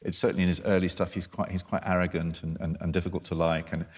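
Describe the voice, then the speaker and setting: Deep-voiced man, halting and thoughtful. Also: little pitch movement, husky. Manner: halting, many restarts and repeated words. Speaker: book discussion panelist. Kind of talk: casual literary discussion.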